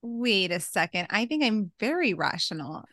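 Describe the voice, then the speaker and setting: A woman from New York co-hosting a casual podcast chat, calm and quick to laugh, wearing headphones with a mic. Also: medium pitch, dry recording. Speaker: podcast co-host. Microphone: headphones and mic at home.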